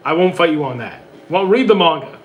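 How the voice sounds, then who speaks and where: A man's voice: fairly high pitch, animated, dull audio, a little hiss or hum. Man with a worn-out voice answering chat. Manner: quick offhand answers with many fillers. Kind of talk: casual livestream chat.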